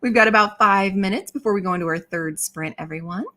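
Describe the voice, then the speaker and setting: Woman, 30s, livestream host, casual chat, bubbly, exclamatory, bright voice. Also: medium pitch, fast. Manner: bubbly, exclamatory, laughs often. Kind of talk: casual chat reading viewer comments.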